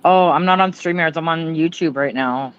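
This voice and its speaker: A woman's voice: low voice, normal speed, smooth, lo-fi sound. A woman with a Canadian accent hosting a livestream in casual chat, giggling often and saying "like" a lot. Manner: giggly, chatty, lots of "like". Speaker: livestream host.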